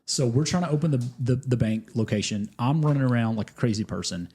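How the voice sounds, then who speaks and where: A man, a company founder telling stories as a podcast guest in a casual, slangy, animated way. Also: medium pitch, fast talker, breathy edge. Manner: animated, slangy, acts out quoted dialogue.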